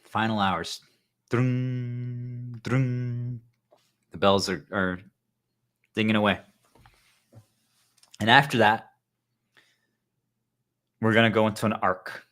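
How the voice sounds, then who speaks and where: Bright-voiced man rambling to his viewers. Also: lowish voice, steady tone, measured pace, long pauses. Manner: earnest, rambling, addresses viewers as guys. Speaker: spiritual vlogger. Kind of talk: casual monologue to viewers.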